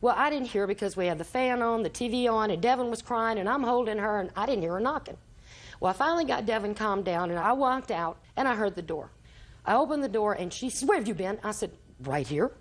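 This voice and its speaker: A woman's voice: medium pitch, animated, quick pace. An older grandmother testifies in a TV courtroom, rambling through a long family story in an everyday voice. She slips into the quoted words of each person she mentions as she goes. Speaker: litigant, grandmother.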